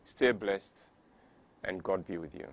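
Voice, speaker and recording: This Ghanaian talk show host has a low voice and a slow pace. With a Ghanaian English accent, he preaches through an impassioned monologue full of rhetorical questions, working himself up along the way.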